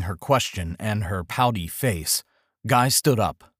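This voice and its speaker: A man with a low, husky voice narrates a short story. He reads with lively, dramatic ups and downs. The sound is dry and close to the mic. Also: a little slow, no room sound. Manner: expressive, dramatic reading. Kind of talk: audiobook storytelling.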